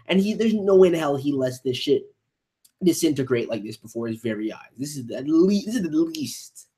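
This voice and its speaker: A man's voice: a little high, lively intonation, normal speed. A man reacting live to a manga chapter, ranting heatedly, swearing and stammering over repeated words. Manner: reads panel lines aloud softly.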